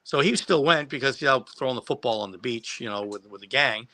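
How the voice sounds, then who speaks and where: On a live stream, a man who acted as a child extra shares a casual anecdote, rambling through old memories, restarting often and laughing at his own story. His mid-range voice is bright and forceful, and he talks fast. The sound is dry and close, without echo.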